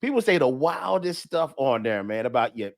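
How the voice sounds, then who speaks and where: A man hosting a comedy talk radio show with a hyped, lively announcer delivery. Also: medium pitch, moderate pace, creaky, no echo, clean studio sound. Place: remote virtual studio.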